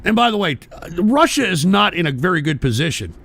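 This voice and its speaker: Male radio host, high and very animated voice, profane combative ranter who bursts into shouting. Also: a little fast. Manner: repeats "all right?" and "for Christ's sake". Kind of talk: political call-in rant.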